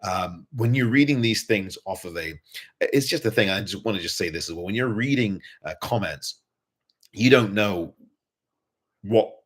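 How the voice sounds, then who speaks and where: Low-voiced football fan host. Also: male voice, expressive, moderate pace, breathy edge. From England. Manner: earnest, repeats points for emphasis. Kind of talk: post-match fan commentary.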